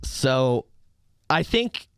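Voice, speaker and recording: A young man chatting on a podcast at an ordinary pitch, recorded close and dry. He tells stories with rising excitement and now and then shouts out crowd chants. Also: drawn-out words, smooth, no echo. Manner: excitable storyteller, acts out crowd hype in loud bursts. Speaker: podcast guest, arena host. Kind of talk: casual podcast chat.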